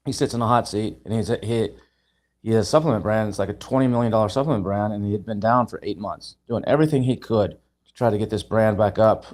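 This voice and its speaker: Speaking over a live video call, a man with a fairly low-pitched voice, a guest speaker and event founder, tells long stories casually and animatedly. He restarts, repeats words, and acts out what people said.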